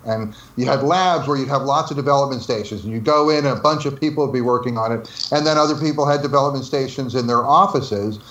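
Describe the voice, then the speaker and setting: A man's voice: mid-range voice, fast talker, hardly any pauses, fairly bright tone, roomy sound, lo-fi sound. A man from New Jersey telling stories as an interview guest, laughing often and acting out the dialogue he quotes. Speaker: interview guest, former game developer. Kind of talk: casual storytelling interview.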